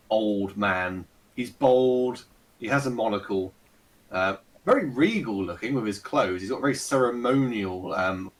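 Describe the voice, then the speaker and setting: A man's voice: on the low side, low-quality recording. A man narrating a tabletop game as dungeon master, rambling with fillers and hedges.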